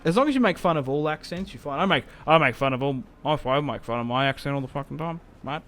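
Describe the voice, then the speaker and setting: A young man giving casual, rambling game commentary, self-mocking and prone to sudden excited outbursts. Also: fairly high pitch, quick pace. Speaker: gaming YouTuber. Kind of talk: casual Let's Play commentary. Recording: game music playing faintly behind.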